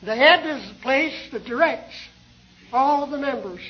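Older male preacher, very high voice, earnest and unhurried sermon delivery. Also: expressive, highs cut off. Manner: slow, measured, earnest delivery with rhetorical questions.

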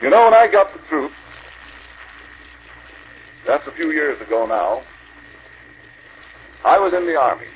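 Older man preaching, lively rising voice. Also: on the high side, unhurried, pauses often. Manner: earnest exhorting, rhetorical questions. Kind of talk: convention sermon. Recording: dull archival recording with faint hiss.

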